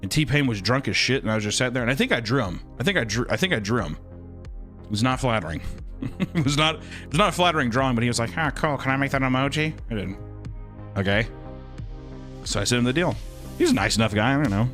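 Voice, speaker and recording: A man's voice: medium pitch, lively intonation, quick pace, long pauses, fairly bright tone, soft background music. A man chatting casually on a live stream while drawing, rambling and joking with crude humor.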